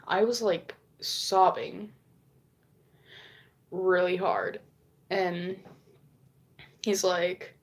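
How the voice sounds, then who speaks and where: Slow-talking woman telling a story. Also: medium pitch. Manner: rambling, frequent swearing, acts out quoted lines. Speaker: vlogger. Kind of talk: casual storytelling.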